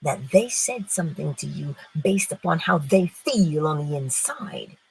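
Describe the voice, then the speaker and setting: A middle-aged woman giving an inspirational spiritual talk, expressive, moving between loud and hushed phrases. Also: sits low, a little slow, gravelly, husky, poor audio. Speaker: spiritual teacher.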